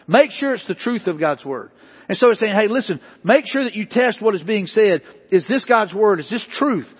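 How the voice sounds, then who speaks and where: Husky, high-voiced preaching man in a hall. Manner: repetitive, emphatic preaching with rising bursts. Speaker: pastor. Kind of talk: sermon. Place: church sanctuary. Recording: dull lo-fi hall recording.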